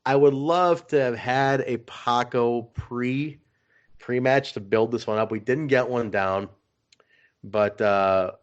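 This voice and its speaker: A man in his usual speaking range co-hosts a casual podcast and tells stories with animated energy, laughing through them. The recording sounds a little dull and lo-fi. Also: mid-range voice, slow pace. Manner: animated storyteller, laughs while retelling. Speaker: podcast co-host.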